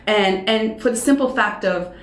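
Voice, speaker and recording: Woman, 30s, radio personality, interview guest, casual chat, animated storyteller, roomy echo. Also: medium pitch, normal speed. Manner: animated storyteller who acts out quoted dialogue.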